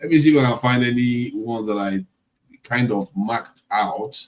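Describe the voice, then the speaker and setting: A man hosting a casual show who chats and laughs his way through reactions to video clips. His voice sits at a middle pitch, and his delivery stays relaxed and unhurried. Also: rough recording. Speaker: host.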